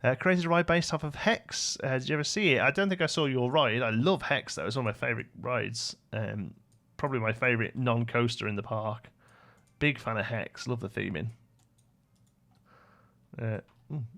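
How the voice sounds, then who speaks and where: A young British man talks casually through a game livestream, rambling and muttering as he works and answering viewers' questions. His mid-pitched voice has a gravelly, creaky edge. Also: normal speed, fairly bright tone. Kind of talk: casual live-stream chat while building.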